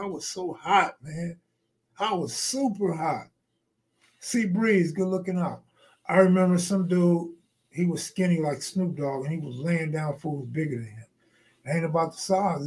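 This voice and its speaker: A man's voice: on the high side, moderate pace, a little mellow. A middle-aged man hosting a live stream, telling rambling, profane stories in casual slang and stopping to answer viewer comments. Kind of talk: casual freestyle storytelling.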